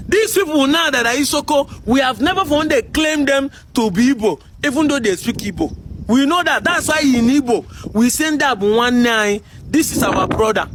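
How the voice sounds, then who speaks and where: A man with a Nigerian accent delivering a heated commentary monologue, combative and full of rhetorical questions, shouting at times. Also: extremely high pitch, animated, moderate pace, slight background noise. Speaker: commentary video host.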